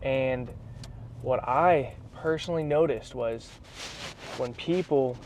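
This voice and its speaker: A man vlogging in a casual, animated storytelling way, full of slang like bro and dude. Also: mid-range voice, slow, a little hiss or hum. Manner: excited, animated retelling. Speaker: vlogger, athlete.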